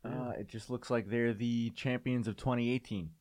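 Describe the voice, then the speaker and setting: A man co-hosts a casual chat and answers in a matter-of-fact way. His mid-range voice has a darkish tone and fairly even intonation, he speaks at a normal speed, and the recording is dry.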